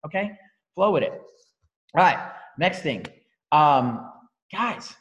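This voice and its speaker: A man leading a team training call, energetic and emphatic, repeating key phrases for effect. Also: on the high side, takes it slowly, pauses often, long reverb tail. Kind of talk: motivational training talk on a call.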